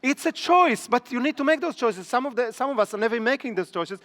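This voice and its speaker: A man's voice: extremely high pitch, animated, a little fast, a bit bright. A middle-aged man, a business trainer, giving a live seminar lecture in a training room and checking in with his audience through repeated rhetorical questions. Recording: long reverb in a large training hall.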